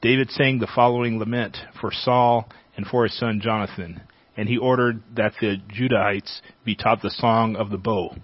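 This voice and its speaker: A man reading a Bible chapter aloud as a teacher, at a measured pace. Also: lowish voice, fairly even intonation, no room sound. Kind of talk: scripture reading. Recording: dull, dry lo-fi sound.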